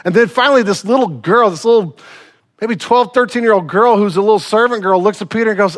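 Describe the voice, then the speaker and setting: A man preaching a sermon, retelling a story in casual slang and swinging from loud to hushed. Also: sits high, brisk.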